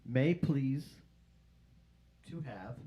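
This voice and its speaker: A man's voice: mid-range voice, lively intonation, drawn-out words, muffled recording. A man co-hosting a casual livestream, reading viewer questions in a laid-back, dry way. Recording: loud guitar music behind.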